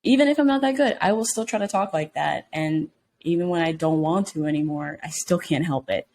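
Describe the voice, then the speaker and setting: A woman's voice: low-pitched, brisk, a little mellow. A woman co-hosting a podcast in casual chat, teasing and playfully insulting her co-host.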